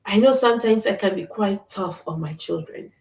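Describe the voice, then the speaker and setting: A woman's voice: mid-range voice, normal speed, gravelly, darkish tone. Middle-aged woman host, earnest and reflective, a bit distant from the mic in a roomy space. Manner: earnest, reflective, with many fillers and restarts. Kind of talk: faith-based talk. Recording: echoey room, voice off-mic.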